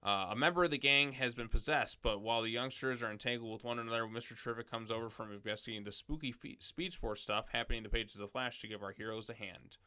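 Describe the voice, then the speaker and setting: A man hosts a laid-back commentary video, reading blurbs aloud and then adding loose, off-the-cuff remarks. His voice is bright and crisp, with a smooth, clear tone. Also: medium pitch, fast, hardly any pauses. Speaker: comics video host. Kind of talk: casual commentary reading comic solicitations.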